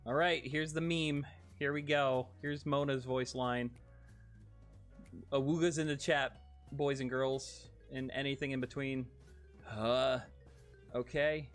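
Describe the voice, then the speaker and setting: A man chatting casually on a livestream, excitable and giggly, swearing freely as he reads chat. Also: medium pitch, slow, long pauses, faint music behind. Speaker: streamer.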